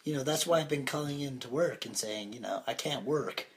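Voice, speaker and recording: A man's voice: mid-range voice, brisk, echoey room, rough recording. A young man with a cold, chatting casually as podcast co-host and making dry jokes at his own expense, recorded on a phone lying on a table. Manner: rambling, dry self-mocking jokes. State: sick with a cold. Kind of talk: casual chat. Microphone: phone laid on a table.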